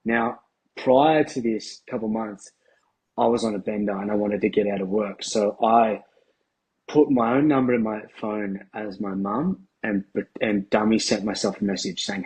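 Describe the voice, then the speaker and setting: Husky man telling his story. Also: lowish voice, darkish tone, poor audio. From Australia. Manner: casual, halting, with frequent restarts and swearing. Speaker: podcast guest. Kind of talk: candid personal storytelling.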